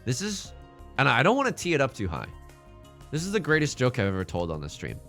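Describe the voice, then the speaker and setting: A man streaming a mahjong game and bantering with his chat in a hyped, self-mocking way, building up jokes and reacting loudly to risky plays. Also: medium pitch, wildly swooping pitch, a little fast, faint music behind. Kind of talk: live-streamed mahjong commentary.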